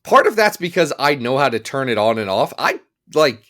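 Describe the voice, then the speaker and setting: A man co-hosting a podcast in loose, joking banter. His pitch swings widely as he teases himself and his co-host. He sits at a mid-range pitch, playful and animated throughout. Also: moderate pace. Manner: playful, self-mocking, animated. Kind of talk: casual comedic chat.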